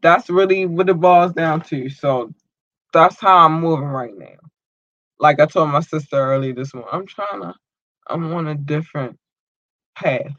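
A man hosting a podcast, giving casual shout-outs to his listeners and talking in a loose, emotional way with a lot of swearing. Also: on the high side, moderate pace, dry recording, muffled recording. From United States. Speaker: podcast host.

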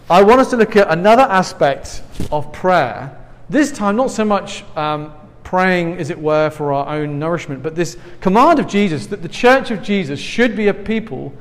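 An English man preaching a sermon in a big hall, his slightly raised voice trailing off into long reverb. He talks earnestly but conversationally, and a face mask softens his words. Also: sits high. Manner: earnest and conversational, with asides and light laughs. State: speaking through a face mask. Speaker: pastor.

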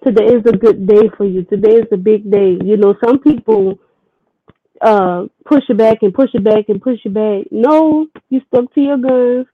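A woman's voice: medium pitch, normal speed, no room sound. A woman guest in a casual chat, sassy and encouraging. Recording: dry muffled lo-fi audio.

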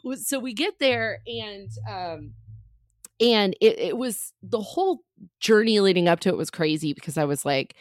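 A woman's voice: mid-range voice, lively intonation, moderate pace, no echo, clean studio sound. A woman comedian in her thirties telling a story as a podcast guest, chatty and full of fillers and jokey asides.

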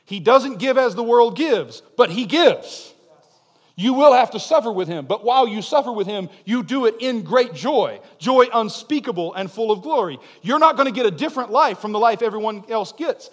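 A young man preaching a sermon, swinging between loud, urgent declarations and quiet, conversational asides. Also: very high-pitched, expressive, moderate pace. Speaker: pastor. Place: church sanctuary. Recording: long hall reverb.

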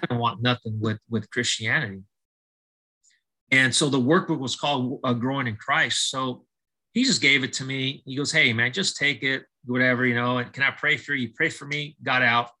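Man, middle-aged, guest storyteller, animated, restarts often, bright tone, mid pitch. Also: moderate pace, rough recording. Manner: animated storyteller acting out dialogue, many restarts. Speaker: baseball coach and podcast guest. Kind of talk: storytelling interview testimony.

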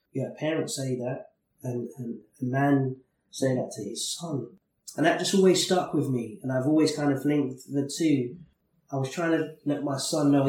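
A man's voice: medium pitch, darkish tone, recorded from a distance. A man in his thirties hosting a podcast, telling personal stories in an earnest, thoughtful way and sometimes repeating words as he thinks. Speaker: podcast host. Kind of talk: reflective conversational storytelling. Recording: roomy sound, a little off-mic.

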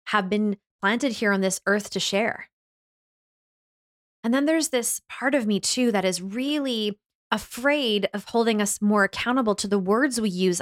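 A middle-aged woman giving an earnest, heartfelt motivational talk about using one's voice, building emphatic lists. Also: mid-range voice. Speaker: course creator and speaker. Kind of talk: motivational monologue.

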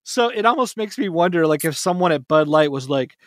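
A man hosting a casual sports podcast, upbeat and quick to laugh. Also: a little high, animated, dry recording, clean studio sound. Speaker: podcast host.

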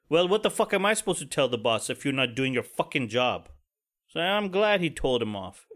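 A man's voice: a little high, very animated, fairly quick, fairly bright tone. A man hosting a solo podcast, venting about work in an angry, profane, pessimistic way. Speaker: podcast host. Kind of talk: casual solo podcast rant.

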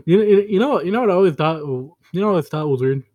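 A man's voice: fairly high pitch, lively intonation, fast, mellow, muffled recording. A man co-hosting a casual podcast, teasing a friend, laughing often and swearing casually. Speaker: podcast co-host.

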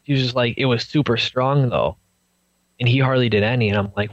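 A young man appears as a podcast guest, recounting a personal story and animatedly acting out what people said. His voice is medium-pitched and fairly quick. The recording is dry and the audio dull.

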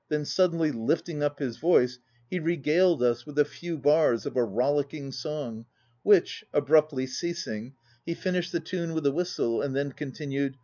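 A man reading a classic novel aloud as an audiobook narrator, telling the story in a measured, even way. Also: on the high side, lo-fi sound. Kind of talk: scripted narration.

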